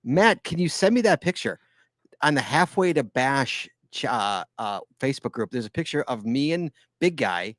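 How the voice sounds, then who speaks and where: Male podcast host, teasing banter, animated delivery, dry mic. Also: medium pitch, no room sound. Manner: playful, teasing, quick laughs and repeats. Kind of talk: casual live podcast banter.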